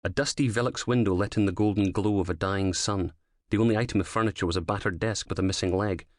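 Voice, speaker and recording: Male thriller narrator, low voice, measured and dramatic, dry close studio sound. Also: no room sound. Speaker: audiobook narrator. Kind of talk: scripted narration of a crime thriller.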